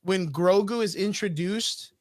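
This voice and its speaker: High-voiced man chatting casually. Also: measured pace, no echo, clean studio sound. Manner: animated, profane, acts out scenes in put-on voices. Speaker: podcast co-host. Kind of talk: casual chat.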